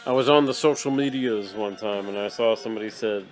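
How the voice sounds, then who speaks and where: A young man hosting an absurdist comedy show, swinging from manic yelled bursts to mumbled asides. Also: lowish voice, a little fast, soft background music. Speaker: host.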